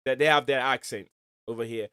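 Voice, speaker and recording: A man's voice: mid-range voice, fairly even intonation, a little fast, fairly bright tone, clean tone, no room sound, clean studio sound. A man hosting a casual live stream, rambling and searching for words as he chats. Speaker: stream host. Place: home in Michigan.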